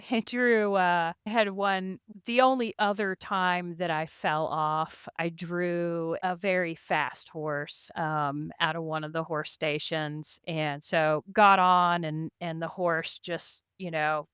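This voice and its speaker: Chatty woman guest, low-ish, very smooth clear tone, laughs often. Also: fairly bright tone, no room sound, clean studio sound. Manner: chatty, laughing, full of "you know" and "like". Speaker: podcast guest, endurance race rider. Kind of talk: casual interview storytelling.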